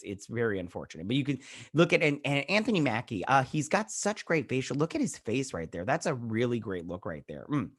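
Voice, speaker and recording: A man with a voice on the low side hosts an easygoing vlog about a TV episode, rambling through scene recaps and imitating the characters' lines. He frequently restarts and keeps saying "he's all like." The audio is clean studio quality with no room sound.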